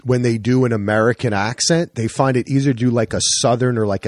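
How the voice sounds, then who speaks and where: A man hosting a podcast, chatting casually with friends in an animated, profane, rambling way. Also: medium pitch, fast, few pauses, no room sound, clean studio sound. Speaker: podcast host.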